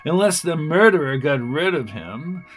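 A man's voice: a little high, sing-song, moderate pace, a bit bright, faint music behind. A man reading aloud as a woman investigator who talks the case through. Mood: reasoning. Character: reasoning female assistant investigator.

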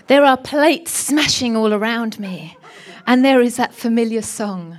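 A middle-aged woman preaching a sermon and telling a story with animated delivery, often dropping to a hushed whisper for emphasis. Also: high voice, normal speed.

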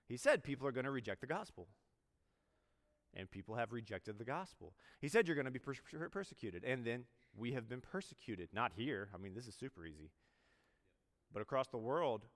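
Conversational male chaplain preaching in a hall. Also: medium pitch. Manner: conversational preaching with quoted dialogue and restarts. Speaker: military chaplain. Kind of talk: sermon.

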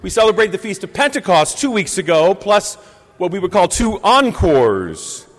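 A Catholic priest in his fifties giving a measured, reflective Sunday homily in a church. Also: high voice, very animated. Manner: measured, reflective preaching with deliberate pauses. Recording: long church reverb.

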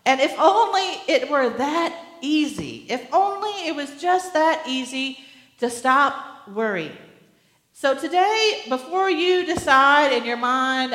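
A woman pastor preaching a sermon in an earnest way, with gentle humor. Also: high-pitched, animated, takes it slowly, roomy sound, in a large hall.

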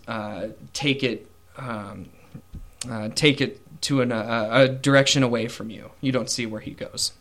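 A man runs a tabletop game, narrating scenes in a casual, rambling way. His voice sits at an ordinary pitch. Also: a bit bright. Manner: casual, with fillers and voiced characters. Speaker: game master.

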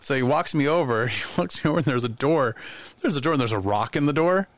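A man in casual podcast chat, telling lively anecdotes and acting out the voices of people in them. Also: medium pitch, fast talker, no room sound. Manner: animated anecdotes, acts out quoted voices. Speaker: podcast guest.

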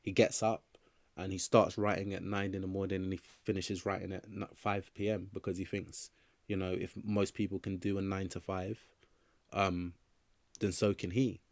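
A man's voice: sits low, flat delivery, normal speed, no room sound. A young adult man from England, a writer and actor talking casually in an interview, loose and rambling with many fillers and restarts.

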